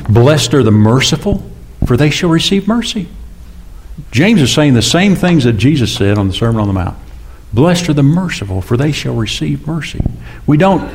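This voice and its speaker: A man's voice: medium pitch, a little mellow. Chatty pastor in his sixties. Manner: chatty, asks the congregation questions, acts out God and James. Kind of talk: conversational sermon.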